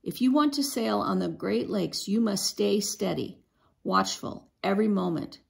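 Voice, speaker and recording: A woman reading a storybook aloud, voicing a strict father who scolds his daughter sharply on a sailing ship. Her voice has a gravelly creak. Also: medium pitch, expressive, measured pace. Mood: stern scolding.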